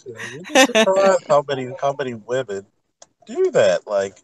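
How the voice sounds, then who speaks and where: A man's voice: fairly high pitch, sing-song, normal speed, a little hiss or hum. A man speaking as a guest on a casual live panel chat, telling a story with emphasis.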